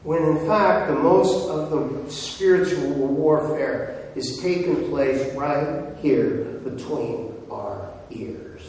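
A male pastor preaches slowly and deliberately, in a slightly high voice. His emphatic points ring out from a distance through a large hall with long reverb. A faint hum of room sound sits beneath him. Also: a little mellow. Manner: measured, emphatic preaching with rhetorical questions. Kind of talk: sermon. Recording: echoey hall, distant mic.

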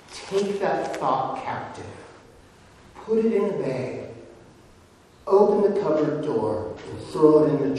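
A man preaching a sermon as a pastor, emphatic and measured, with rhetorical questions to the congregation. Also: mid-range voice, a little mellow, slight background noise. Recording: echoey hall, distant mic.

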